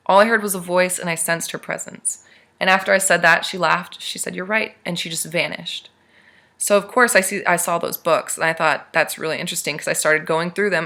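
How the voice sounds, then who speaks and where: A young woman vlogger casually retelling a strange dream to her camera, animated and rambling. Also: fairly low pitch.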